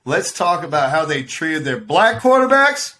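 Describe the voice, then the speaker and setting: Animated joking man on a video call. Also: fairly high pitch, normal speed. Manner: animated, joking, profane, laughs often. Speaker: podcast co-host. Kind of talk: casual sports chat.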